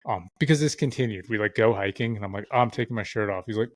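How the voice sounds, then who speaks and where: A podcast guest tells stories in a loose, profane style packed with fillers. His voice is on the low side, he talks fast, and the recording is dry.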